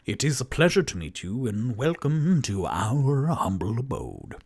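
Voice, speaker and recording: A man's voice: mid-range voice, very animated, unhurried, darkish tone, no echo. A man playing a gallant elephant-folk bard. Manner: theatrical and gallant. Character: grand, courtly male elephant-folk bard.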